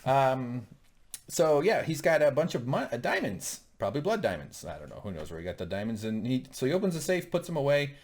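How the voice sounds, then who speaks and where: A man co-hosting a TV recap show in casual chat, rambling and jokey, with lots of fillers and quick laughs. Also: mid-range voice, sing-song, a little mellow.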